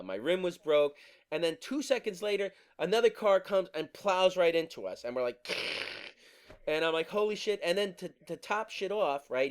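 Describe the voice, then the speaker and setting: Profane, high-voiced ranting man. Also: smooth. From New Jersey. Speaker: podcast host. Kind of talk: casual ranting monologue.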